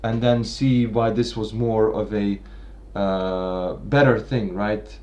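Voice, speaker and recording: A man's voice: fairly low pitch, fairly even intonation, takes it slowly, a little mellow, dull audio. A man giving an unscripted analytical talk on a literary work, thinking aloud with frequent restarts and tag questions. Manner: thinking aloud, many restarts and "right?" checks. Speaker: literature commentator.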